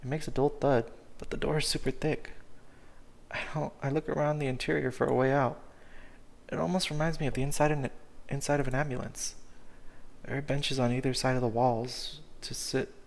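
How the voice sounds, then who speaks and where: A man's voice: mid-range voice, fairly even intonation, brisk, vocal fry. A man reading a visual novel aloud as a game streamer, in an emotional way and with frequent self-corrections.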